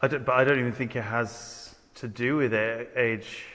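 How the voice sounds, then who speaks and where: A man's voice: medium pitch, steady tone, moderate pace, sharp tone. Earnest rambling man, echoey room. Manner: earnest, rambling, frequent restarts. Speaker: podcast conversation partner. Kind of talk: casual podcast conversation.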